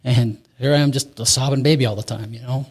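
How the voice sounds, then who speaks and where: Fast-talking man telling his recovery story. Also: medium pitch, steady tone. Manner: rambling, repeats words, nervous laughs. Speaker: interview guest. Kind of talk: candid recovery story, conversational.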